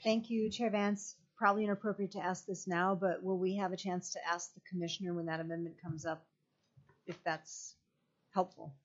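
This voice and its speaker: A woman legislator with a slightly low voice poses her questions politely and a little tentatively in a committee hearing. Her voice comes through muffled, lo-fi audio. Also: little pitch movement, normal speed.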